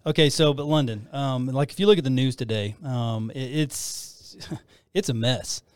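A man hosts a casual faith talk show, and his talk rambles with frequent restarts. His voice sits at an average pitch. The recording is dry and close. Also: moderate pace, smooth, dry recording. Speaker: host.

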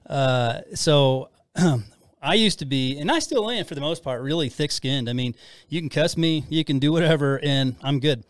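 A middle-aged man co-hosts a podcast, rambling through casual faith-based talk about marriage. His voice sits on the high side at a normal pace. He's self-deprecating, restarts often, and leans on fillers, all on a dry mic with no echo.

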